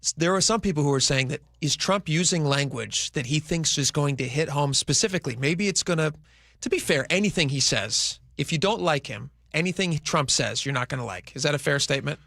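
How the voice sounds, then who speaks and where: Radio co-host, male, gravelly and a bit high, loose rambling delivery, dry studio sound. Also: animated, a little fast, fairly bright tone, no room sound. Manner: rambling, restarts thoughts, conversational. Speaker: radio talk show co-host. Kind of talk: casual talk radio chat. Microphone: studio microphone.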